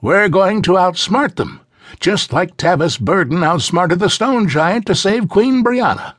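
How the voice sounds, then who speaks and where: A man's voice: high voice, expressive, measured pace, dry recording, studio quality, voice pushed up, full character voice. A man doing a kindly toothless old man. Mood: reassuring. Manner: gentle, reassuring, sometimes hissing.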